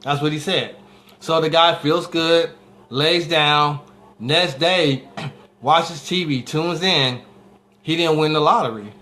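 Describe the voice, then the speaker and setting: Bright-voiced man giving a pep talk. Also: fairly high pitch, takes it slowly. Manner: storytelling with repeated "right?" and restarts. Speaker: motivational speaker. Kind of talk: casual motivational talk.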